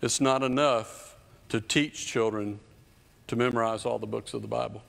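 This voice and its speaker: A man's voice: mid-range voice, fairly even intonation, normal speed, creaky. A man in his fifties preaching a sermon as a children's pastor, emphatic and repetitive, building in intensity. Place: church stage. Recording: reverberant church hall.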